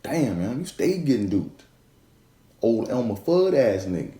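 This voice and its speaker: A man's voice: medium pitch, big pitch swings, a little slow, mellow, voice pushed up. A man playing a blunt version of himself who crudely scolds and mocks his younger self. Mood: scolding. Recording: echoey room.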